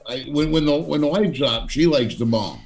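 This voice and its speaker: A man chatting casually on a podcast in a lively, talkative way. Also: on the high side, moderate pace, vocal fry. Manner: animated, chatty. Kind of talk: casual chat.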